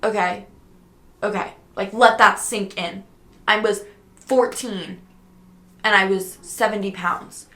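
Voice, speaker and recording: A woman's voice: mid-range voice, fairly even intonation, slow pace, long pauses, fairly bright tone, echoey room. A young woman telling a story in a casual, chatty way, swearing often and filling her talk with "like". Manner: chatty, swears a lot, many "like" fillers. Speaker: podcast host.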